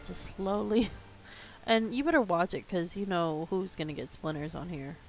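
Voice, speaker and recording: A woman's voice: lowish voice, moderate pace, slight background noise. A woman streaming a video game, chatting casually, teasing someone in the room and laughing often. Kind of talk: casual gameplay chat.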